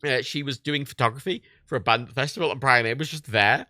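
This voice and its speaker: A man's voice: mid-range voice, fast, no echo, clean studio sound. A man in his late twenties, hosting a livestream, telling stories in casual chat with lots of swearing and laughter. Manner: animated storytelling, swears a lot, laughs often. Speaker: livestream host.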